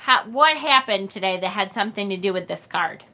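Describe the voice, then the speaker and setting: A middle-aged woman with a Rochester, New York accent, hosting a casual tarot livestream and reading viewer comments aloud, chatty and quick to laugh. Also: medium pitch, expressive, sharp tone. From United States. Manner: chatty and bubbly, laughs often, trails off and restarts.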